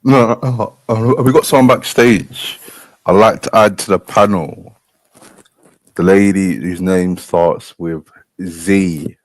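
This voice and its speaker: A man's voice: deep voice, takes it slowly, no room sound. A man hosting a casual talk panel, asking short, curious questions. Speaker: host. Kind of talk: casual chat.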